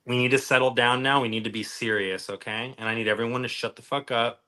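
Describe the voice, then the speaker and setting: A man's voice: medium pitch, fairly even intonation, quick pace, sharp tone, close to an everyday voice. A man putting on a stern, self-serious magician who orders his audience to settle down, in a mock-bossy tone.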